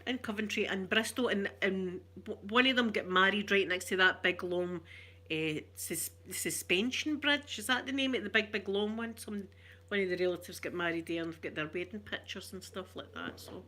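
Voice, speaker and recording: Middle-aged Glaswegian woman, ASMR stream host, soft rambling chat, bright voice. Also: mid-range voice, moderate pace. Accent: Glaswegian Scottish. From Glasgow, Scotland. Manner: soft-spoken, rambling, warm chatter with viewers. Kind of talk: chatty ASMR livestream.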